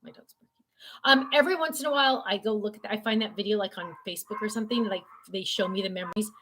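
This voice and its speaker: Speaking at a racing clip in a medium pitch, this older woman runs a laid-back home livestream over some background noise. She reads out viewer comments and chats in a meandering way, full of fillers.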